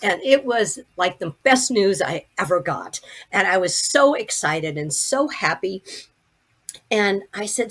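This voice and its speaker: Husky older woman telling her story. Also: medium pitch, normal speed. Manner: vivid, animated retelling with many restarts. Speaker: podcast guest. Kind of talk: personal storytelling.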